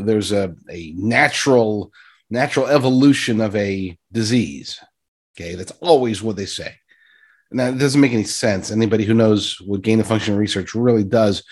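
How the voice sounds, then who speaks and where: A man's voice: medium pitch, breathy edge. A man giving sarcastic, rambling political commentary and addressing his listeners directly. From United States.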